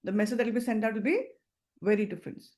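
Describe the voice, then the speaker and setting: A woman's voice: fairly high pitch, rapid-fire. A woman with an Indian English accent giving an emphatic sales training talk, acting out example phone calls. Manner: acts out phone calls in lively voices, emphatic and instructive. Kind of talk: training talk to a seminar audience.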